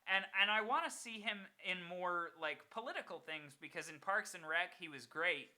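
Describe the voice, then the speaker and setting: Young male co-host, bright tone, loose rambling banter, forgets names. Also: high voice, moderate pace. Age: 20s. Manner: rambling, laughs often, searches for names. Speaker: podcast co-host. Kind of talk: casual chat.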